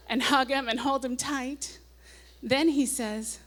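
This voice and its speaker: A woman's voice: high voice, fairly even intonation, normal speed, fairly bright tone. A woman in her forties stands at a stage mic and reads from her teenage diary with comic timing. She breaks off for dry, knowing asides, then throws herself back into the breathless entries. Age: 40s. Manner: wry asides, reads diary passages with mounting gusto. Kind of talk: live comic diary reading. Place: stage at a nightclub before an audience.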